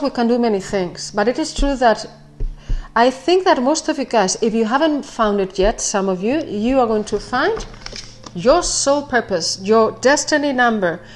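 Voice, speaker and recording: Excitable woman giving a tarot reading. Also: on the high side. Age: 40s. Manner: excitable, rambling, laughs often, keeps apologizing. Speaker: tarot reader. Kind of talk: casual spoken tarot reading.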